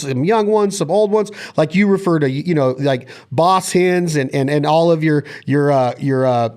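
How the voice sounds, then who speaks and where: A podcast host with a voice on the high side talks at normal speed with few pauses, energetically explaining duck calling technique. In this casual instructional chat, he runs through long, detailed lists of body parts and steps.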